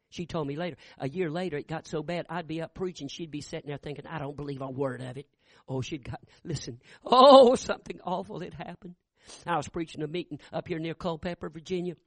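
An older man preaching a revival sermon, telling folksy stories and rising into fervent shouts. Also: fairly high pitch, no room sound.

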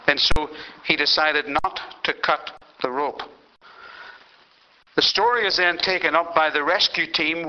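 Bright-voiced pastor preaching a sermon. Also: male voice, on the high side, lo-fi sound, slight background noise. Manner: storytelling, builds to emphatic climaxes.

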